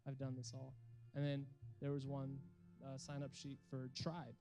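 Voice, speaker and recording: A man's voice: mid-range voice, completely flat delivery, normal speed, creaky, low-quality recording. A young adult man giving an earnest, emphatic sermon to a youth group, ending with a call to pray and commit. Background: instrumental music.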